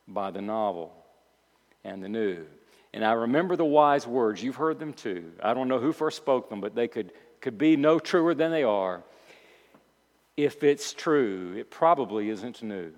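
A male pastor preaching a sermon, moving between quiet reflective asides and loud emphatic declarations, repeating key phrases for emphasis. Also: mid-range voice, in a large hall.

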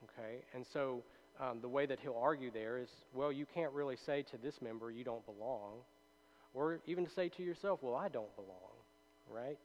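A man with a medium-pitched, slightly mellow voice at normal speed teaches a Bible study conversationally, with the highs cut off in the audio. He reads passages aloud and checks in with listeners, using many fillers and tag questions.

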